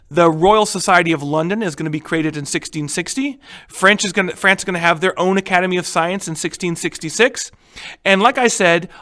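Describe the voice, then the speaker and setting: A man's voice: high-pitched, a bit bright. A man teaching a recorded history lecture in a casual way, with many fillers and frequent check-ins with students.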